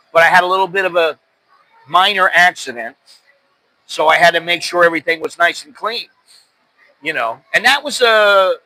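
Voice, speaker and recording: A middle-aged American man from the United States hosts a podcast, telling stories in a loose, rambling, self-deprecating way as casual chat. His voice is a little high with a sharp tone, and the recording is rough.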